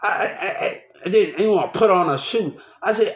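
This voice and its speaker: Talking a little fast in a high-sitting voice, a young man animatedly wanders through a story from his own life. He keeps repeating himself and restarting, and the room gives the audio an echoey sound.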